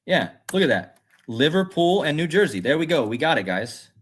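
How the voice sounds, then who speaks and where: A man's voice: fairly high pitch, sing-song, moderate pace, fairly bright tone, slightly rough. A man hosting a casual livestream, rambling and musing aloud as he reads chat comments. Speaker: livestream host.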